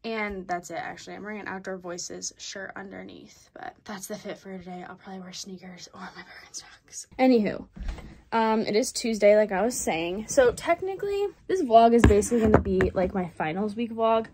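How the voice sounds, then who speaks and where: A woman's voice: mid-range voice, animated, normal speed, mellow, a little hiss or hum. A twenty-year-old woman from southeastern Michigan talking casually to camera in a vlog, chatty and rambling with lots of "like" and "um". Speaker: vlogger.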